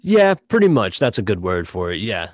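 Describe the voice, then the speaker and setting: A man with a Boston accent chatting casually about a game, halting with many restarts and fillers. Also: on the low side, big pitch swings, no echo, clean studio sound. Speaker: podcast guest reviewing a game. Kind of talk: casual chat.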